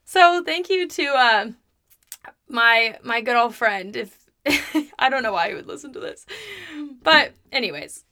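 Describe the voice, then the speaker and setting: A woman's voice: fairly high pitch, measured pace, pauses often, pushed and bright. A young woman in her twenties hosting a podcast, telling a personal story in an open, confessional, chatty way, with frequent laughs. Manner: laughs between remarks. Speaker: podcast host.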